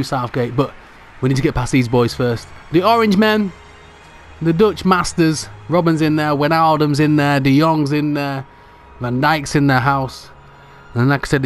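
A young man commentating his football game, bursting into mock-broadcast shouting at big moments. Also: mid-range voice, a little hiss or hum. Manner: shouts in mock-broadcast commentary at goals, chatty and swearing mildly otherwise. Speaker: gaming commentator.

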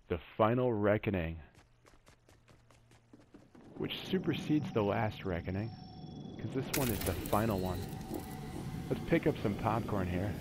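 A man with a fairly low voice talks casually through a solo gaming session, wandering the map and tossing out groaner jokes. His delivery is relaxed and conversational. The recording has clearly audible noise underneath. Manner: chatty, easygoing, cracks corny jokes. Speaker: gaming channel host. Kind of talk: solo gameplay commentary.

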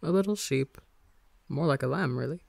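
A storyteller voicing a gentle, easygoing father speaking fondly to his children. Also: medium pitch, moderate pace, vocal fry, dry recording, clean studio sound. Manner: soft, fond, easygoing.

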